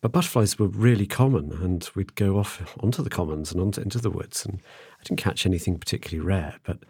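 A man's voice: sits low, fast, a little mellow, husky, no echo, studio quality. A middle-aged man hosting a podcast, chatting casually and rambling with many restarts. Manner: rambling, restarts often, chuckles. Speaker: podcast host. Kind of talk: casual conversation.

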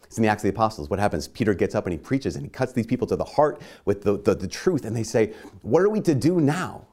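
A man's voice: fairly low pitch, expressive, rapid-fire, darkish tone. A man giving a sermon in a conversational, self-mocking way, acting out little dialogues. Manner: conversational, self-mocking, acts out quoted voices.

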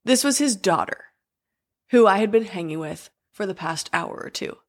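A young woman casually telling a personal story, acting out the other people's lines with lively shifts in her voice. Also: medium pitch, normal speed. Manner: animated, acts out quoted voices.

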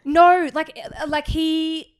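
A woman's voice: extremely high pitch, flat delivery, slow, dry recording. A young woman from Queensland with an Australian accent, co-hosting a podcast and telling stories in chatty, giggly casual talk. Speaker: podcast co-host. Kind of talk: casual chat.

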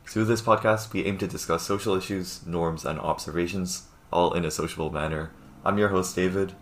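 A man's voice: deep voice, fairly even intonation, brisk. A young man co-hosting a casual podcast from home over a Zoom call, chatty and laughing with lots of fillers. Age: young adult. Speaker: podcast co-host.

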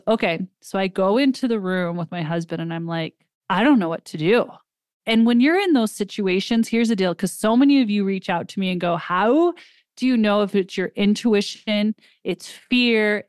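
A woman podcast host telling a personal story, animated and acting out the dialogue she quotes. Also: medium pitch, smooth, no echo, clean studio sound.

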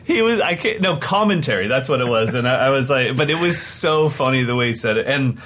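A man co-hosting a podcast, telling stories in an excited, rambling way in casual chat. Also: mid-range voice, brisk. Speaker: podcast co-host and touring drum clinician.

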